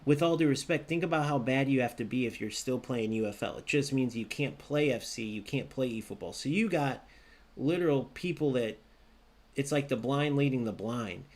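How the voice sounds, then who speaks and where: A man talking over a football video game as he plays, ranting at his viewers. His voice sits at an ordinary middle pitch, and he argues in a fired-up, conversational way, turning to the audience again and again to press his point. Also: normal speed, darkish tone. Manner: ranting, argumentative, addresses viewers directly. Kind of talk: live gameplay commentary.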